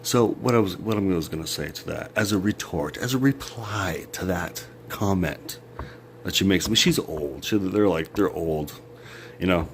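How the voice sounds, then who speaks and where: A low-pitched male vlogger rants into his phone or camera at a normal pace, with a little hiss or hum behind him. His monologue rambles and drips with sarcasm, full of swearing and jumpy turns that break into sudden laughs.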